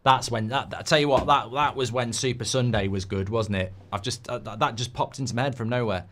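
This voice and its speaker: A man's voice: mid-range voice, brisk, a bit bright. A man hosting a live football watchalong, chatting in a rambling way and reading out viewer comments. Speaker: host.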